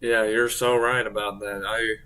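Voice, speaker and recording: Low, flat-voiced man in casual chat. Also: normal speed, clear, resonant tone. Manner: recounts an online argument, reading quotes aloud with fillers.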